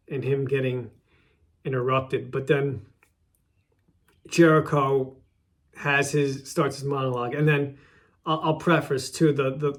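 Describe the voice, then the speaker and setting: A man hosting his own show, casually recapping a favorite wrestling segment, often repeating and restarting his words. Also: mid-range voice.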